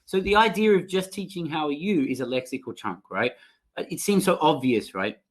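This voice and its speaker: A man's voice: fairly high pitch, animated, a little fast. A man running a live online training session for language teachers, reading out and reacting to chat answers in an upbeat way over a computer mic.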